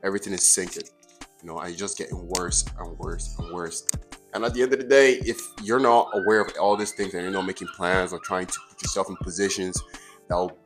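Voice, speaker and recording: Fast-talking deep-voiced male podcast host. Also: faint music behind. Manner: rambling, repeats words. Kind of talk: casual podcast chat.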